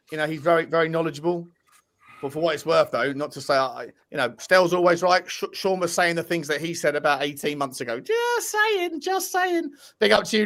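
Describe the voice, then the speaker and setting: A man hosting a casual fan podcast, cheerfully reading out and thanking super chat donors. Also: on the high side. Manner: upbeat, shouting out donors, chatty with restarts. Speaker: host reading super chats.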